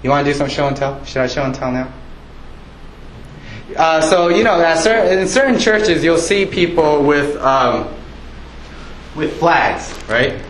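A man's voice: a little high, lively intonation, unhurried, long pauses, slight background noise. A pastor giving a casual, conversational sermon, joking with his congregation in a church. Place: church sanctuary. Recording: echoey church room, faint ambience.

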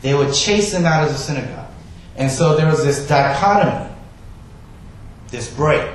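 A man preaching a sermon, stressing key words loudly and then dropping to a soft, quiet delivery. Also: medium pitch, moderate pace, a little hiss or hum. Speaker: pastor. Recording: echoey room, voice from a distance.

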